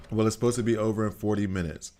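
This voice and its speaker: A man giving live commentary on a game he is playing, talking to the characters on screen and reacting out loud. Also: on the low side, a little hiss or hum. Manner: excitable, talks to the game characters. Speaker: gaming streamer.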